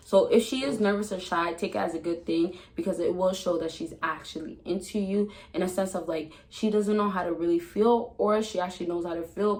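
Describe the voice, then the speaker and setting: A woman giving dating advice to camera in a casual vlog, chatty and emphatic, swinging between loud excitement and a soft calm tone, laughing often. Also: lowish voice, poor audio. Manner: laughs often mid-sentence.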